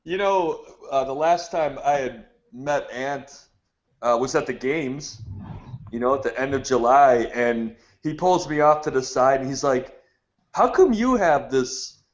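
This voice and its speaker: A man's voice: medium pitch, measured pace. A man with a Chicago accent hosting a podcast in a loose, joking, casual manner. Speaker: podcast host. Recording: dull lo-fi sound.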